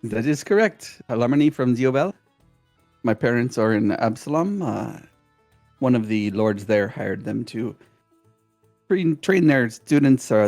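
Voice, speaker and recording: Male player, in character, gravelly voice, dry close sound, formal. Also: medium pitch, a little mellow, no echo. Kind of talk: in-character roleplay.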